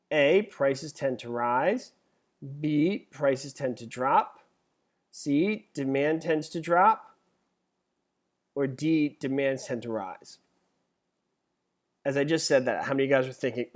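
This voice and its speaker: A middle-aged man teaching a live webinar as an exam instructor, chatty and joking, reading multiple-choice questions out slowly. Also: fairly high pitch. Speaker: real estate exam instructor.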